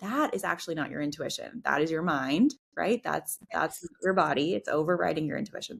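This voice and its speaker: A woman's voice: low-pitched, expressive, fairly quick, vocal fry, few pauses, a bit bright, husky. A woman guesting on a podcast as a coach, explaining in casual chat that is full of "like" and "right?", and acting out quotes in other voices. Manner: chatty, fills speech with "like" and "right?"; acts out voices when quoting people.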